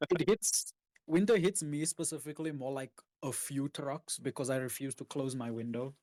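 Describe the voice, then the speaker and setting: Wry man, mid-pitched, swears casually, dry close recording, casual voice chat. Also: moderate pace, a little mellow, dry recording.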